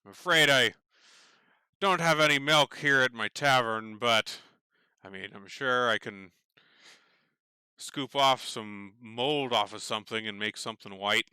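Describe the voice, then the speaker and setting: A man playing a gruff, booming barkeep. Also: unhurried, pushed and bright, no room sound, clean studio sound. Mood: boisterous. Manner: gruff, booming belly laugh. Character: large burly shirtless human barkeep, gruff.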